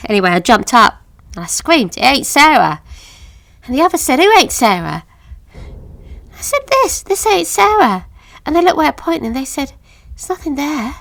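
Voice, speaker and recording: An actress playing a haunted woman, recalling a childhood horror in a halting, hushed audio drama monologue that sinks to whispers. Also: high voice, sing-song, gravelly, dry recording, full character voice. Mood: frightened. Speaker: witness recounting an account.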